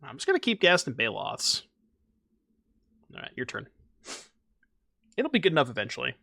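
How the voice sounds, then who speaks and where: A man's voice: mid-range voice, huge pitch swings, normal speed, creaky, sharp tone, no room sound, studio quality. A young man streaming a card game, chatting casually with his audience and joking about himself. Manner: chatty, self-mocking, talks to chat. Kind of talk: casual gameplay commentary.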